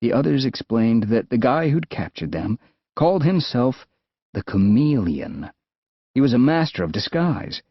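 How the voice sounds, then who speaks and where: A man with an American accent narrating an adventure audiobook in a lively, expressive way. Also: mid-range voice, a little slow, dry recording. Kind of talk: scripted narration. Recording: dull, dry studio sound.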